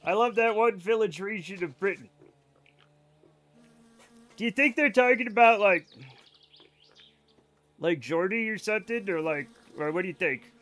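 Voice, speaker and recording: A man's voice: high voice, normal speed, pauses often, a bit bright. A young American man streaming a game, chatting casually and answering his chat with jokes.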